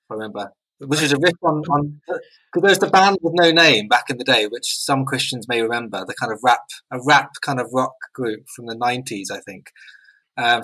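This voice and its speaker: A man's voice: mid-range voice, sharp tone, husky, rough recording. A man co-hosting a casual podcast, wry and joking. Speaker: podcast co-host.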